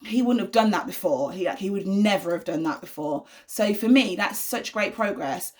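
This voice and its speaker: A woman's voice: medium pitch, animated, normal speed, a little mellow. A young woman, a mother, chatting casually to camera with lots of fillers and repeated "you know what I mean". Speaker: vlogger, mother of an autistic son.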